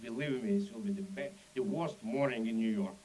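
A man's voice: mid-range voice, sing-song, a little fast, mellow, low-quality recording. A Soviet émigré man with a heavy Russian accent and broken English, speaking urgently and emphatically as a dissident. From Soviet Union. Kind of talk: impassioned speech.

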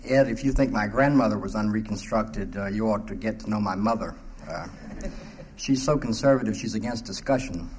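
A man from South Carolina gives a formal conference address on a panel, measured and wry, pausing often. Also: on the low side, a little mellow, a little hiss or hum, low-quality recording. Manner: measured and wry, with many hesitant pauses. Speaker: panel speaker.

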